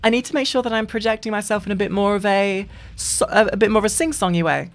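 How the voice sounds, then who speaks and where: A gaming streamer giving a casual voice-training tutorial in a lively, sing-song way, often restarting sentences. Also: fast. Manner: lively, sing-song delivery with frequent restarts, dropping into deep demo voices.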